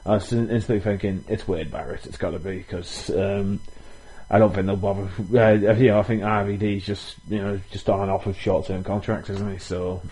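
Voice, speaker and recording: Low, mellow man musing on wrestling. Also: steady tone, normal speed, low-quality recording. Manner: hesitant, speculative, swears casually. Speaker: podcast co-host. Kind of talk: casual wrestling podcast chat.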